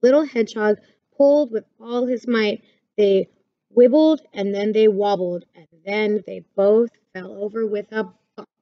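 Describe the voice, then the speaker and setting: A woman reading a children's picture book aloud in a gentle, clear storytelling manner. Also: medium pitch, steady tone, unhurried, dry recording, lo-fi sound.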